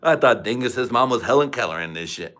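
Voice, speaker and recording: A man's voice: medium pitch, animated, a little fast, fairly bright tone. A man hosting a livestream from a room at home, talking crude, rambling trash into a desk mic. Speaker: livestream host. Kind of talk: crude casual livestream chat. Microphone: desk microphone.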